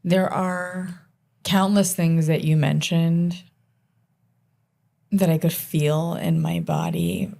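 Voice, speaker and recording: A woman host of a podcast interview speaks slowly and with care. Her voice is fairly low with a gravelly fry, and she responds to her guest attentively. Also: animated, dark tone.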